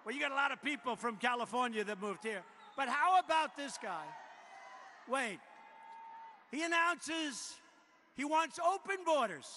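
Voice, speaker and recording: A man in his seventies giving a boastful, repetitive political rally speech in a large arena, often breaking into shouts. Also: very high voice. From United States. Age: 70s. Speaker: president addressing a rally. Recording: long hall reverb with faint noise.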